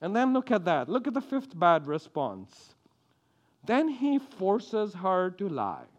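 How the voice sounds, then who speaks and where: Animated, high-voiced male preacher. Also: slow, dull audio. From India. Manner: animated, acts out quotes, stumbles and repeats words. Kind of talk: sermon.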